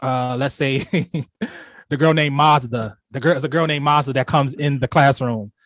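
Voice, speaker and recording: A man's voice: mid-range voice, steady tone, measured pace, fairly bright tone, no room sound, studio quality. A young man co-hosting a casual podcast, telling a long personal story in a rambling way, with lots of restarts and "you know". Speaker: podcast co-host.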